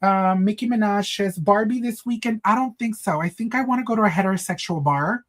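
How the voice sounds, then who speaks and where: A faint hiss or hum sits under this man's high-pitched, slightly bright, brisk voice as he hosts a casual stream. He chats with viewers in a campy, sassy way, using honey, girl, and Spanish phrases.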